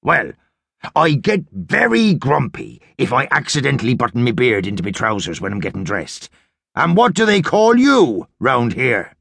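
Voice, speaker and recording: Gravel fills this old pirate captain's voice, a man acting him out. He drawls his words slowly in a folksy way, rising and falling freely. The audiobook recording is close and dry. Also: medium pitch, wildly swooping pitch, fairly bright tone, no echo, exaggerated voice. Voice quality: gravelly, husky. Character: gruff hungry old male pirate captain.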